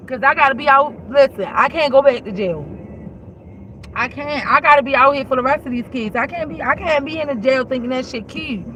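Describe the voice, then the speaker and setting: Blunt high-voiced woman talking to viewers. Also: a little fast, a bit bright, muffled recording, slight background noise. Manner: blunt, profane and emphatic. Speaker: vlogger. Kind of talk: casual chat to viewers.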